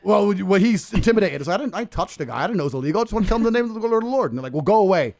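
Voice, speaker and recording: Fast, animated boastful man from England. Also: sits high, gravelly. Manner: boastful, animated, laughs often. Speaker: guest. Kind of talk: casual podcast storytelling.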